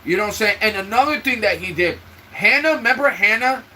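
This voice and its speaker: A man's voice: high-pitched, lively intonation, fast talker, sharp tone, a little hiss or hum, rough recording. A man hosting his own live stream, venting emotionally and talking straight to his viewers in casual chat. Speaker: livestream host. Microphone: own microphone for the live stream.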